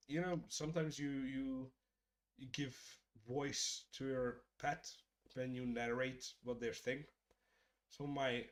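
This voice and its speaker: A middle-aged man hosting a casual live stream, chatting with viewers in a joking, profane way and murmuring softly to his cat. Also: mid-range voice. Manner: profane, joking, addresses chat directly; drops to soft murmurs talking to his cat. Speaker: streamer hosting a creator hangout.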